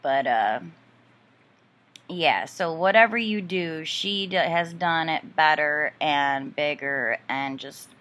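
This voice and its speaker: A woman ranting straight to camera in a casual storytime, swearing freely and sounding fed up. Her voice sits a little low for a woman but has a bright, forceful edge. She rambles and circles back with plenty of fillers. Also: slow. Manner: profane, exasperated and indignant. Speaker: vlogger.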